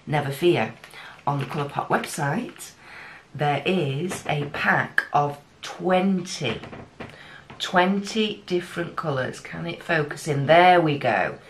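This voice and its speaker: Low-voiced, unhurried woman vlogger. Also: animated, a little hiss or hum. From United Kingdom. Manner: giddy, gasping, breathy exclamations. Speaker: beauty vlogger. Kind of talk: casual unboxing chat.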